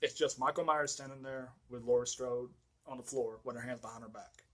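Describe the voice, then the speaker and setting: A man's voice: mid-range voice, level tone, a little fast, low-quality recording. Rambling, swearing movie reviewer man. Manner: rambling, heavy swearing, many fillers. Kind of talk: casual ranting film recap.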